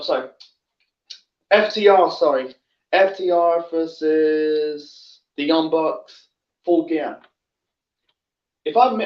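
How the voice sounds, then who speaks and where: Rambling man, distant in a roomy space. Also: a little high. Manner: rambling, self-correcting, many fillers. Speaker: host. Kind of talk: casual awards rundown. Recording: roomy, distant, dull lo-fi sound.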